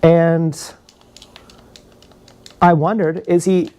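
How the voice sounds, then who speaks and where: A man's voice: fairly high pitch, flat delivery, drawn-out words, warm tone, smooth, dull audio. A man talking in a meandering, confessional way on a livestream, laughing at his own stories. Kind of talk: rambling livestream monologue. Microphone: action camera.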